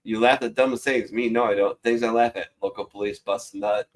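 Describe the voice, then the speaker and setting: A man's voice: on the low side, steady tone, a little fast. Profane joking man reading memes. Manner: profane, joking, reads captions aloud with laughs. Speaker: show host reading memes. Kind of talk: casual chat.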